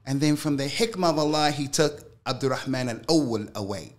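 A man's voice: mid-range voice, fairly quick. A middle-aged man, an Islamic scholar, speaking as a guest in an interview. He talks emphatically in casual slang and repeats phrases to drive a point home. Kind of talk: interview storytelling.

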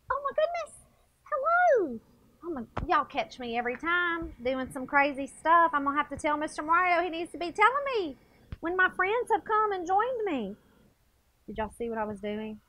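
A woman's voice: sits high, dry recording. A woman, a second grade teacher giving a playful TV math lesson and talking straight to the children. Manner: playful, animated, talks straight to kids. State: a little out of breath.

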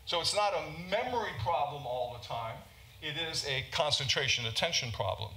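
A man's voice: a little high, animated, normal speed, pushed and bright. A man from the United States, a physician, giving an informal conference lecture and often checking in with "okay?". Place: large conference hall. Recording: roomy hall with faint ambience.

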